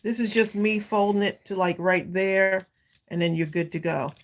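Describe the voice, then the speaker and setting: A woman's voice: medium pitch, steady tone, normal speed. A middle-aged woman co-hosting a live craft stream, chatting casually and upbeat while she demonstrates, laughing often.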